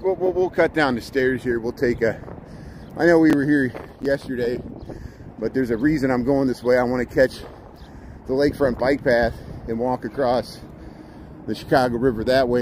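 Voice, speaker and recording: A man live-streaming a city walk, chatting casually to viewers and greeting them by name, a little out of breath from walking and talking. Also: medium pitch. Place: outdoors on city streets and park paths. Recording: wind noise on the mic outdoors. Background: traffic and wind.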